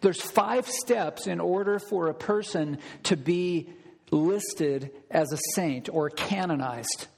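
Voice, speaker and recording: A man's voice: a little high, takes it slowly, creaky, breathy edge, long reverb tail. A male pastor preaching a sermon emphatically, repeating key phrases and putting questions to the congregation.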